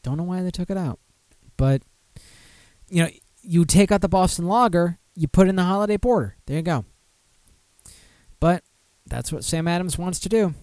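Animated, ranting male podcast host. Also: high-pitched, normal speed, no room sound, studio quality. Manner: animated, mock-outraged outbursts and rambling self-talk. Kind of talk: casual live show chat.

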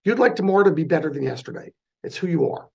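A man with a New Jersey accent, talking quickly and with energy as a guest in a casual interview. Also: on the high side, vocal fry, breathy edge, muffled recording. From North New Jersey. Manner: fast-talking, animated. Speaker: guest, charity president.

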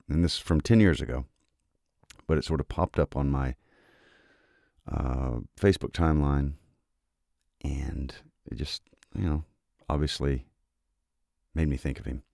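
A man hosting a podcast, talking quietly and haltingly before he reads a poem aloud. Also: rumbling low, dry recording, clean studio sound. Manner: soft-spoken, halting, emotional. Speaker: podcast host. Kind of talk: casual reading and reflection.

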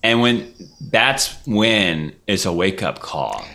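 A low-pitched man with a bright, forward tone, chatting on his own podcast. He muses aloud and poses questions to his co-hosts in a relaxed conversational way. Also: takes it slowly. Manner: reflective, asks questions. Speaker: podcast host. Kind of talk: casual podcast chat.

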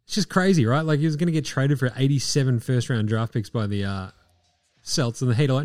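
A man's voice: medium pitch, animated, brisk, dry recording. An Australian man hosting a podcast, talking in a laid-back, jokey way with plenty of swearing. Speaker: podcast host. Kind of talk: casual chat.

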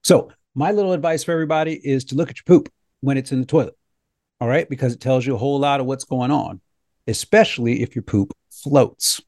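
A man hosting a health talk show, telling a funny story in a joking, animated way. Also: mid-range voice, fairly quick, dry recording, studio quality. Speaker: host.

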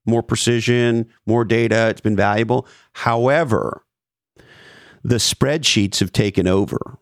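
A middle-aged man, a former marketing executive, telling stories in a casual podcast chat, profane and animated, mimicking the people in his stories. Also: mid-range voice, measured pace, no room sound, clean studio sound. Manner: profane, animated storyteller who mimics others.

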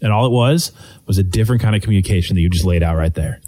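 A man co-hosting a talk show, agreeing with the host and telling a story in a relaxed, conversational way. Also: sits low, rapid-fire.

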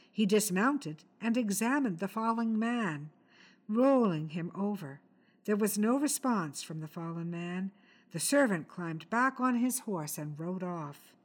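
Woman reader, scripted narration of a dark tale, measured and expressive, mid-pitched. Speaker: story reader.

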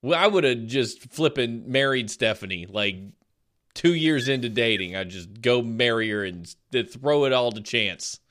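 A young man from Florida co-hosting a casual podcast, animated and quick to laugh, acting out quotes as he talks. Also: mid-range voice. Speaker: podcast co-host.

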